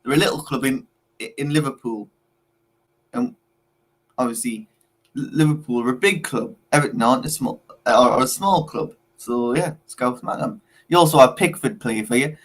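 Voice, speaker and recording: A man's voice: medium pitch, moderate pace. A young man co-hosting a football watchalong, teasing rival fans in casual, repetitive banter.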